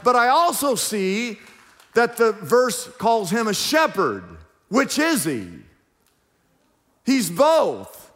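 Male pastor, high voice, emphatic sermon delivery, church hall reverb. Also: big pitch swings, slow pace, long pauses, a bit bright. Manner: emphatic preaching, rhetorical questions to congregation. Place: church sanctuary.

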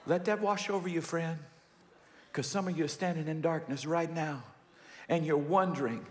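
Animated pastor in his thirties, raised pitch, sermon in a reverberant hall. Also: fairly quick. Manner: animated storyteller acting out dialogue. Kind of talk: sermon with personal story. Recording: echoey hall with long reverb.

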